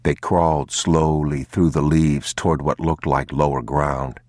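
A man narrating an audiobook in a slow, grave, measured manner. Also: rumbling low, little pitch movement, darkish tone, no echo.

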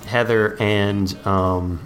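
A man's voice: lowish voice, steady tone, soft background music. A man co-hosting a podcast, recapping a movie in casual chat and acting out characters' lines. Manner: acts out characters' lines in quick voices. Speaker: podcast co-host.

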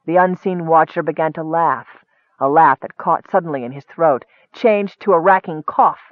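A man giving steady, expressive scripted narration of a fantasy novel. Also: a little high, normal speed, no echo. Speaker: audiobook narrator. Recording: tinny phone-like dry sound.

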